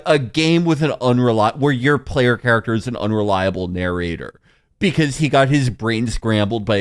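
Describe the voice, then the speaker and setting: A man on a podcast, stammering into excitable tangents in casual comic chat. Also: medium pitch. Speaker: podcast co-host. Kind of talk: casual comedic film review chat.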